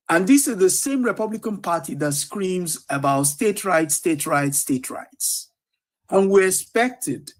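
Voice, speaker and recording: A man on a live news panel, making a pointed argument with rhetorical questions. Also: a little high. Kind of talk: live podcast panel discussion.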